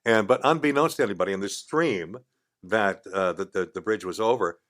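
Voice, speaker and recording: An older man, a guest in a radio studio, telling a casual story in a lively way and acting out the voices of the people in it. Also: lowish voice, fairly quick. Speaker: podcast guest.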